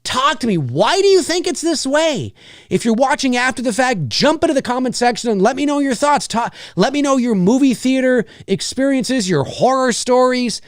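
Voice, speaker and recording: A man's voice: very high-pitched, animated, normal speed, no room sound, clean studio sound. A man hosting a livestream show, ranting casually with exasperation, swearing freely and mimicking noisy children.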